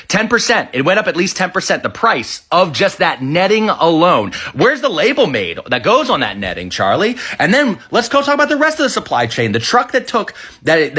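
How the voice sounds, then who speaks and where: A man's voice: mid-range voice, bright, forceful tone. A man giving a rebuttal commentary, firing off sarcastic rhetorical questions. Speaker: political commentator.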